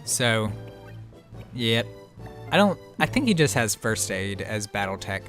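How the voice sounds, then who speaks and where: A man's voice: lowish voice, sing-song, measured pace, vocal fry, a bit bright, soft background music. A man co-hosting a gameplay video, chatting casually, laughing often and swearing freely. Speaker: let's play co-host.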